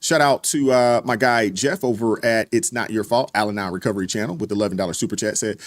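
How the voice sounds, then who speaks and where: A man's voice: fairly low pitch, fast, no echo, clean studio sound. A man hosting a casual livestream, reading viewer super chats in a laid-back, joking way with bursts of mock-outraged sarcasm. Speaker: livestream commentary host.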